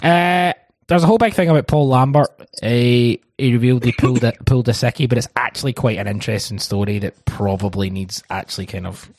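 A Scottish man hosting a casual football podcast, laughing and swearing through quick banter. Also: medium pitch, darkish tone, no room sound. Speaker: podcast host.

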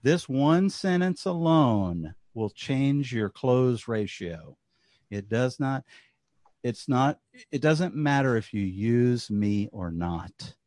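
A man with a Southern US accent who co-hosts a podcast and talks in a relaxed, talkative way, often repeating words as he starts a sentence. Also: mid-range voice, takes it slowly, dry recording, studio quality. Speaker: podcast co-host. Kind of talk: casual chat.

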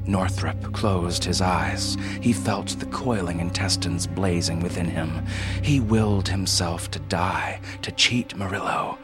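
A man narrating a dark science-fiction story in a measured, dramatic reading. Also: deep voice, music in the background.

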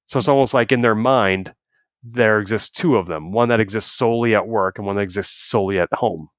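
Low-voiced man chatting on a podcast. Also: no room sound, clean studio sound. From United States. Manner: chatty, animated storytelling with quoted asides. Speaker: podcast co-host. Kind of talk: casual review chat.

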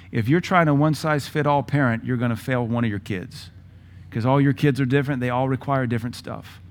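A man in his thirties preaching a sermon in a blunt, folksy way, acting out his children's voices. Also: mid-range voice. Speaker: pastor.

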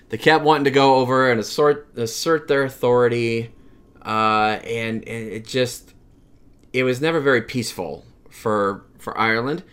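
A man's voice: medium pitch, a bit bright. A man giving an informal, conversational history lecture, with frequent restarts and playful asides. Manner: conversational, acts out quoted voices, many restarts. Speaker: history teacher.

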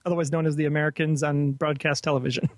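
Podcast guest, man, slightly higher voice, eager analyst, dry sound. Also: flat delivery, very fast, dry recording. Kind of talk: casual chat.

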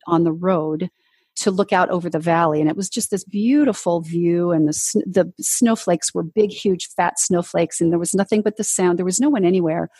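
A woman's voice: lowish voice, dark tone, breathy edge, no room sound. A woman, a ministry leader, guest on an interview show, telling her personal testimony in an earnest storytelling way, acting out the voices she quotes.

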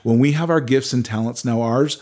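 A middle-aged male musician, guesting on a casual interview, speaks earnestly and often restarts his sentences like a storyteller. His mid-range voice is slightly mellow and moves fairly quickly.

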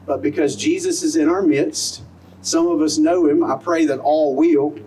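A man's voice: on the high side, fairly even intonation, normal speed, dark tone, distant mic, slight background noise, poor audio. A middle-aged man preaching an outdoor sermon as pastor, earnest and conversational, full of rhetorical questions. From American South. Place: outdoor service in a parking lot.

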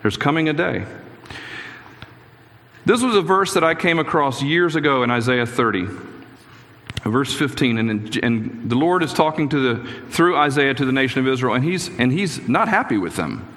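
Middle-aged male pastor, gravelly, earnest storyteller, echoey hall. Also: medium pitch, expressive, normal speed, fairly bright tone. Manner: earnest, personal storytelling with frequent restarts. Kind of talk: sermon. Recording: echoey hall with long reverb.

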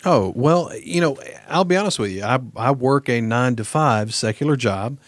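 A man's voice: medium pitch, expressive, moderate pace, no room sound, clean studio sound. A man talking earnestly as a guest host on a casual podcast, with many fillers.

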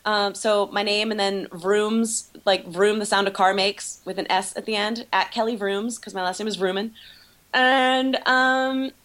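A woman's voice: medium pitch, steady tone, measured pace, fairly bright tone. A woman guest on a podcast over a remote call, chatting playfully and laughing at herself. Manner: playful, giggly, self-deprecating. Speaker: podcast guest, YouTube creator. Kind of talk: casual chat.

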